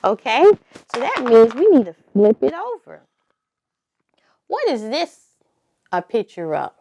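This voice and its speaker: A woman leading a preschool circle time lesson, talking slowly and encouragingly and spelling words out letter by letter. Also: on the high side, wildly swooping pitch, mellow, slight background noise. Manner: slow, sing-song and encouraging, spelling letter by letter. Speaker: preschool teacher.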